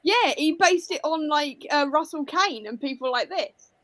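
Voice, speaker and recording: A woman co-hosting a casual live book discussion with quick, joking asides. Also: sits high, animated, a bit bright, no room sound.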